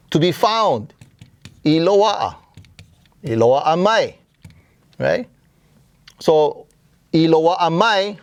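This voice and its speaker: A man's voice: a little high, no echo. A man teaching a grammar lesson, explaining patiently and asking and answering his own questions. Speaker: Hawaiian language teacher.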